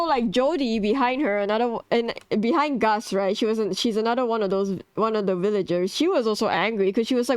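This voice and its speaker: Woman, casual gamer story, swearing and laughing, smooth voice, dry close sound. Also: on the high side, no echo. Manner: animated, swearing, laughing, many restarts. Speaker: gamer vlogger. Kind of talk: casual storytelling about a game.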